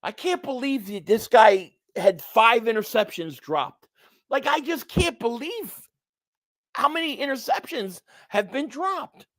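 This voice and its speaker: A man hosting a live stream, reacting to a football game and reading viewer chat messages aloud, sometimes shouting at plays. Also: very high voice, animated, unhurried, no room sound. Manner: reads viewer super chats, shouts at plays.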